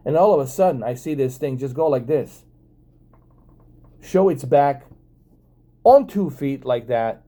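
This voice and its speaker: A man vlogging, telling a story casually to his camera in an excitable, swearing way, with many fillers and restarts. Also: mid-range voice, unhurried, long pauses.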